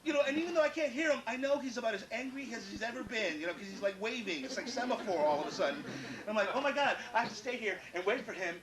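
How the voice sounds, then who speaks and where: A man doing stand-up storytelling in an animated, profane, self-mocking way. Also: very high voice, rapid-fire. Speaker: comedian. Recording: echoey room taped from far off, crowd.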